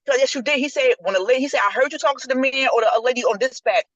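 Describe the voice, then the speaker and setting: Brief: rapid-fire female co-host, animated storyteller, dull dry lo-fi sound. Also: high-pitched, dry recording. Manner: animated storyteller acting out quotes. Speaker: podcast co-host. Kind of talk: casual group chat, retelling a story.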